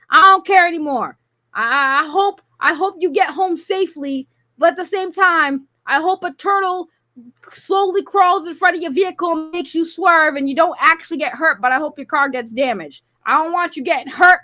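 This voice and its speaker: A high-voiced woman hosting a live call-in stream, talking loudly and sassily and ranting at callers. Her voice is bright and forceful, she swears freely, and she speaks close to a desk microphone. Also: lively intonation, normal speed. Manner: loud, sassy and profane, with rambling rants. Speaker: live call-in show host.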